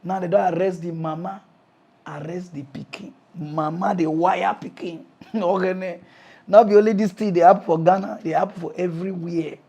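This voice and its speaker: A man with a Nigerian Pidgin accent, hosting a mock news comedy show as an animated, laughing ranter who swings between shouting and muttering. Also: high voice, moderate pace, slightly rough. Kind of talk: comic pidgin rant.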